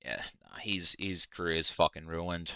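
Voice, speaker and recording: A man's voice: deep voice, unhurried, creaky, pushed and bright, smooth, no room sound, lo-fi sound. A young man reacting to a video in casual commentary, swearing often and breaking into indignant outbursts. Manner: profane, heated, indignant outbursts.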